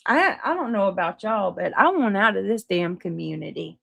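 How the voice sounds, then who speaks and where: A woman's voice: medium pitch, lively intonation, moderate pace, vocal fry, fairly bright tone, dry recording. A woman with a Southern accent hosting a live stream, chatting casually with viewers and swearing freely. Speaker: livestream host. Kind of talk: casual live chat reading comments.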